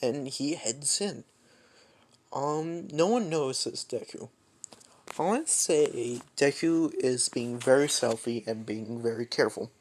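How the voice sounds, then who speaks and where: A man's voice: medium pitch, a little slow, darkish tone, a little hiss or hum. A young man improvising a fan story aloud, rambling with many restarts.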